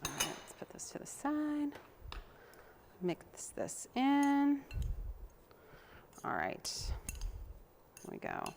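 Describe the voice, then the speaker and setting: A woman's voice: high-pitched, huge pitch swings, takes it slowly, vocal fry, pauses often, background noise. A woman hosting a casual cooking demonstration, chatting to viewers in a homey way while she chops and mixes, sometimes drifting away from the mic. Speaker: cooking show host.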